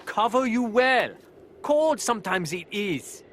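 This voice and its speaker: A man voicing a quirky old villager guide in an animated series, who speaks in inverted word order. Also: high voice, background noise, heavily acted. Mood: calm. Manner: backwards sentence order, slow and calm. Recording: cartoon soundtrack with loud music.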